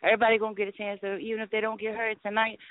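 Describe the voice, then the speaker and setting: A woman co-hosting a call-in show, talking in a rambling, excited way with frequent laughs. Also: mid-range voice, rapid-fire, no room sound. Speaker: radio show co-host. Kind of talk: casual call-in chat. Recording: tinny phone-line audio, dry.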